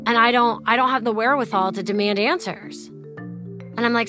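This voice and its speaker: Over music, a woman in her thirties tells a personal story as an interviewee, her voice a little high and a little fast. She's chatty and casual, acting out the dialogue and saying "like" a lot.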